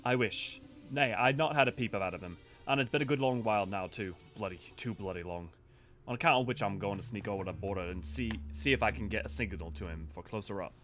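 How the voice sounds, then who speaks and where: A man reading out the lines of a gruff, roguish male scout in a game, with rough, folksy phrasing. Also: lowish voice, fast talker, a bit bright, soft background music, close to an everyday voice.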